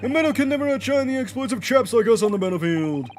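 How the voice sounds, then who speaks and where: A man's voice: very high-pitched, animated, fast, a little hiss or hum, pitched above the performer's own voice. A man voicing a pompous retired old army officer who leads a jury, full of old-fashioned military bluster.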